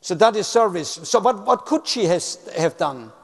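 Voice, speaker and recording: A man's voice: sits high, lively intonation, moderate pace, creaky, slightly rough. A man giving a motivational talk on customer service. He tells stories, repeats key words for emphasis and uses non-native phrasing. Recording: long hall reverb.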